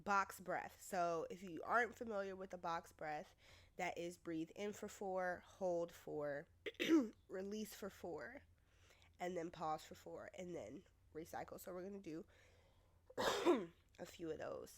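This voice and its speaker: A woman's voice: on the low side, slow. Chatty woman podcaster, still sick. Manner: chatty, loose, swears casually, leads breathing exercise. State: recovering from covid, voice still sick. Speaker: podcast host. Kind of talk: casual solo podcast talk.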